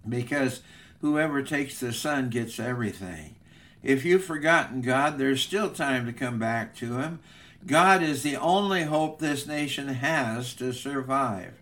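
A male preacher telling an illustration in a sermon, with measured, earnest narration. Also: medium pitch, fairly bright tone. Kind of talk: sermon storytelling.

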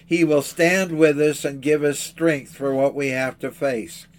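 A man preaching a sermon in an earnest, measured way, asking rhetorical questions. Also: a little high, steady tone.

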